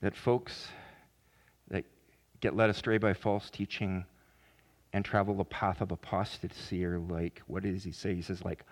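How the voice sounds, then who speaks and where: A man preaching a sermon as pastor, earnest, with sudden loud emphatic rises. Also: low voice, little pitch movement, measured pace.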